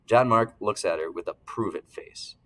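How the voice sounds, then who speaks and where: A man reading a first-person novel aloud as narrator, steady, clearing his throat now and then. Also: fairly low pitch, moderate pace, low-quality recording. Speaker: audiobook narrator.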